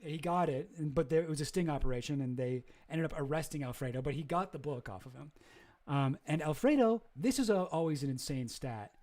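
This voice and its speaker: Mellow-voiced man rambling on a livestream. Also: fairly high pitch, brisk. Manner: rambling, hesitant, swears freely. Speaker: streamer. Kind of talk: casual livestream commentary.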